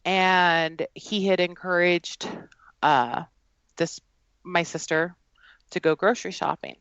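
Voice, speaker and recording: A woman telling a personal story in an earnest, halting way, with frequent fillers. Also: lowish voice, steady tone, a bit bright, clear, resonant tone, dry recording, highs cut off. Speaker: guest. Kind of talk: personal storytelling in a podcast conversation.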